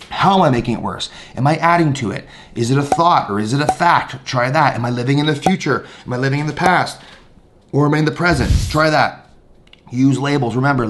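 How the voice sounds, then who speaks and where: Male mindfulness teacher, mid-pitched, calm and encouraging, slow soft breath counts. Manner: conversational and encouraging. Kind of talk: guided mindfulness lesson.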